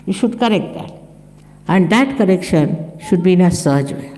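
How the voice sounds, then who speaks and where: A woman's voice: animated, moderate pace, warm tone, soft background music. An older woman giving a conversational spiritual talk, telling anecdotes and acting out the voices of the people in them. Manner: conversational, tells anecdotes, acts out quoted speech in a higher voice. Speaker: spiritual teacher. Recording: archive recording in a reverberant hall.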